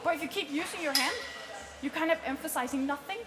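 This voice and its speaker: A woman coaching a group on presenting, chatty and lively, often laughing between points. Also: high-pitched, fast, crowd noise. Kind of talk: workshop teaching.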